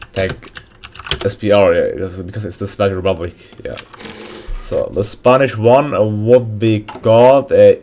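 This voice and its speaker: A man hosting a casual game mod review, reading out names haltingly with frequent pauses and restarts. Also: medium pitch. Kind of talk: casual screen-recorded game commentary.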